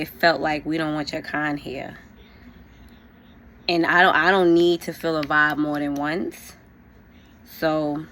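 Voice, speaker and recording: A woman's voice: deep voice, a bit bright, slight background noise. A young woman, telling a storytime vlog while getting ready, casual and frank, full of "like" and "you know". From New York. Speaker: vlogger.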